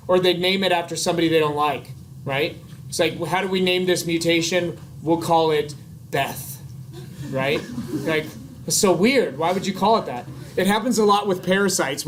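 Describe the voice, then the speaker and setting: A man's voice: high voice, a little hiss or hum. A man giving a classroom biology lecture in a chatty, casual way, with jokey asides and frequent checks of "right?".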